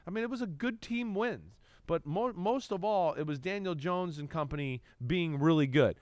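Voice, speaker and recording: Podcast guy breaking down football plays, smooth ringing voice, pitched a bit high, dry close mic. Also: moderate pace, no room sound. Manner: excitable, speeds up and rises when calling live action. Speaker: podcast host, former NFL quarterback. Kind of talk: casual football podcast chat.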